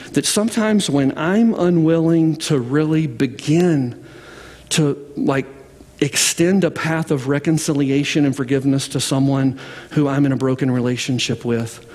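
A man's voice: medium pitch, darkish tone, breathy edge, big-room sound. A man preaching a sermon as pastor, speaking conversationally with many fillers and restarts. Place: church sanctuary with balcony.

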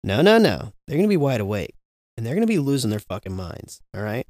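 Male podcast co-host, mid-pitched, joking and profane, dry close mic. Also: sing-song, brisk, a little mellow, no echo. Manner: loose, profane, rambling and joking. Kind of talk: casual podcast chat.

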